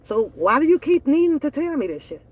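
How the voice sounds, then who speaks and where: A woman's voice: high-pitched, very animated, a little fast, a little mellow, no echo. A woman, ranting bluntly and profanely on her reaction channel. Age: 40s. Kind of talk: casual opinion rant.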